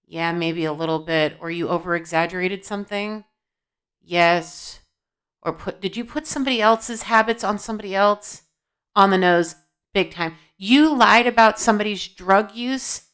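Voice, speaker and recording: Her voice is medium-pitched, smooth and a bit bright, moving at a moderate pace. She's an intuitive reader doing a tarot-style reading to camera from her home, scolding bluntly and answering the questions she puts to her guides.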